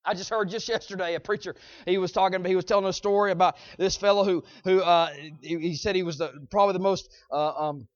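A male preacher delivering an emphatic sermon, punctuating his points with "Amen?" and swinging from shouts to quiet asides. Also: high voice, fairly even intonation, fast talker, few pauses, dry recording. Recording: dull, dry lo-fi recording.

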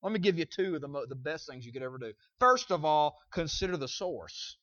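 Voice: medium pitch, big pitch swings, fairly quick, fairly bright tone, lo-fi sound. A preacher giving a sermon, emphatic and repetitive, with lots of fillers and asides asking the congregation to agree.

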